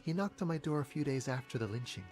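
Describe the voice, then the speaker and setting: A man's voice: medium pitch, lively intonation, fast talker, darkish tone, soft background music, natural voice. An actor playing a wry adult man in a detective video game, with a musing, theatrical delivery.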